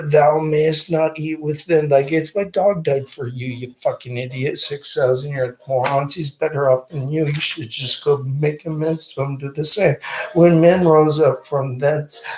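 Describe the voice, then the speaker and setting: A man in a rambling, abusive, mocking rant, breaking off to read old verses aloud slowly. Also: fairly high pitch, a little mellow, low-quality recording. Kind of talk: ranting monologue with scripture reading.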